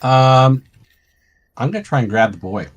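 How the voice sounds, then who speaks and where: A man playing a tabletop role-playing game, speaking in an unhurried, drawn-out way. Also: mid-range voice, expressive. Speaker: player. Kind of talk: casual tabletop play.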